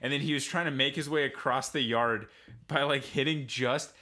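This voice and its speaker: A young man with a mid-pitched voice, trading stories on a remote podcast. He tells anecdotes with energy and swears casually. He talks into a home mic. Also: moderate pace. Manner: lively anecdote teller, swears freely. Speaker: podcast participant. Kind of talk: casual chat. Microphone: home mic on a remote podcast setup.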